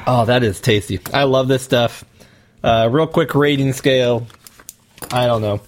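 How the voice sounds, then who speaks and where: A man's voice: medium pitch, unhurried, background noise. Guy hosting a podcast, rambly and jokey, lots of likes and ums, pretty average voice. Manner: rambling, joking, filler-heavy. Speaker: podcast host. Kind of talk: casual chat.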